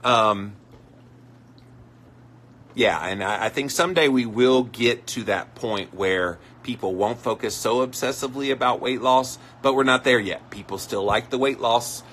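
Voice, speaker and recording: A man's voice: mid-range voice, unhurried, a bit bright, a little hiss or hum. A man hosting a live stream, chatting casually and reacting to viewer comments as he reads them. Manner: conversational, reads out comments and reacts with mock voices.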